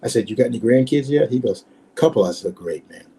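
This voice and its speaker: A man's voice: mid-range voice, lively intonation, quick pace, dark tone, slight background noise. A man in his sixties, a former pro running back, telling stories as a podcast guest in an emphatic way, repeating words and acting out the exchanges he quotes. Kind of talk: podcast interview storytelling.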